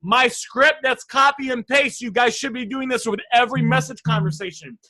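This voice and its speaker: A man coaching viewers live on sales talk, energetic and emphatic, asking them questions directly. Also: very high-pitched, moderate pace. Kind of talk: live online sales lesson.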